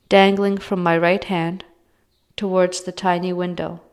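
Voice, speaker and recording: A woman reading her own short story aloud in a measured, even way. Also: on the low side, smooth.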